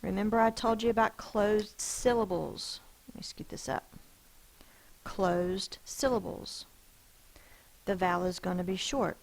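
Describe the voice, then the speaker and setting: A woman teacher giving a phonics lesson, sounding out words slowly and carefully. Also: medium pitch, fairly even intonation, vocal fry, poor audio.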